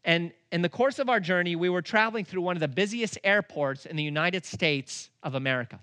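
A middle-aged man preaching a storytelling sermon. He acts out dialogue and slows down to lean on key words. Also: sits high, no room sound. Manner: animated, acts out dialogue in his stories; slows down and leans on words for emphasis.

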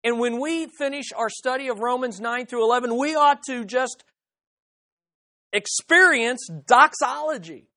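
Emphatic preacher with a higher voice. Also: female voice, measured pace, bright, forceful tone. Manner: emphatic, leads congregation in call-and-response. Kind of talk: sermon.

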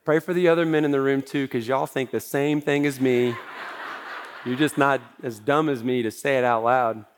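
A man's voice: mid-range voice, steady tone, moderate pace, clear, resonant tone. A man preaching a sermon as pastor, talking in a conversational way with self-deprecating humor.

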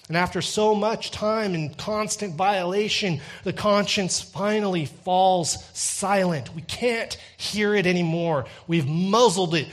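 Speaking in a high register, a young preacher shares a personal anecdote in his sermon. The telling starts light and climbs toward loud, forceful emphasis.

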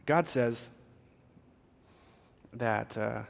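A man gives an earnest, conversational sermon as a pastor, with frequent "uh"s and restarts. His voice sits at a middle pitch. A long reverb rings through the church hall. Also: very slow, creaky.

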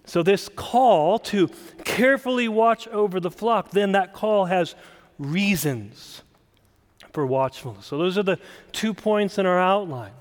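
A man's voice: high voice, lively intonation, unhurried. Emphatic male preacher in a reverberant hall. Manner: emphatic expository preaching, stressing single words. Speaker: pastor. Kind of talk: sermon.

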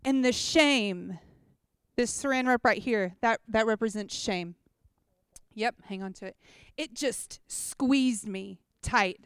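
A woman giving a chatty, animated personal testimony to a gathering, often checking in with listeners. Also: fairly high pitch, slow, clear, resonant tone, no room sound, studio quality. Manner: chatty, animated storytelling with props. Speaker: speaker at a church gathering.

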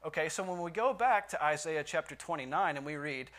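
Male Bible teacher, slightly higher voice, chatty, asks the class questions, reads verses with force. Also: fairly quick, hardly any pauses, a bit bright. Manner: conversational, asks the listeners questions, reads scripture aloud with emphasis. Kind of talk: Bible study lesson.

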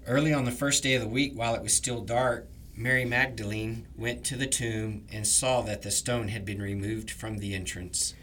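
A man leading morning prayers, reading the liturgy in a measured, reverent way. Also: on the low side, steady tone, a bit bright, slight background noise. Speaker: prayer leader.

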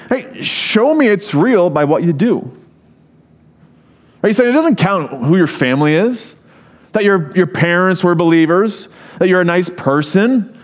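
Lively, animated male pastor. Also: on the high side. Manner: conversational preaching with asides and humor; reads scripture aloud. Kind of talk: sermon.

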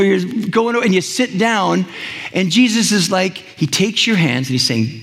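A man's voice: high voice, expressive, normal speed, fairly bright tone, in a large hall. A man preaching a sermon to his congregation in an earnest, conversational way, often restarting his sentences. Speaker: pastor.

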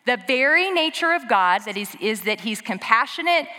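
A woman preaching a lively, conversational sermon in a church sanctuary. Her voice is bright and fairly high, and she talks straight to the congregation with quick asides. Long hall reverb trails every phrase.

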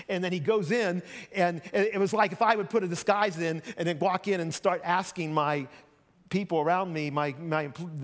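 A man preaching a sermon as pastor, conversational and animated, acting out voices as he retells the story. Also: a little high. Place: church sanctuary. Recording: long reverb of a church hall.

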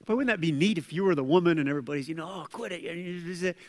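A man preaching a conversational sermon as pastor, acting out quoted voices with lively asides. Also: fairly high pitch, rapid-fire. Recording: long hall reverb.

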